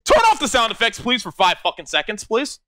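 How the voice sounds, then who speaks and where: Give me a young man on a live game stream, high and sharp-toned, exasperated, swearing, laughing a lot. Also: huge pitch swings, brisk, no echo. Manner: loud, exasperated, swearing, yelling at chat; frequent laughter.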